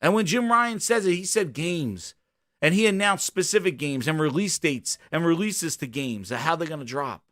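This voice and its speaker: A man hosting a gaming talk show, ranting loudly and profanely and acting out little scenes in his own voice. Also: a little high, lively intonation, moderate pace, no room sound, studio quality. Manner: loud, ranting, profane, acts out bits. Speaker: host. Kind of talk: animated solo gaming commentary.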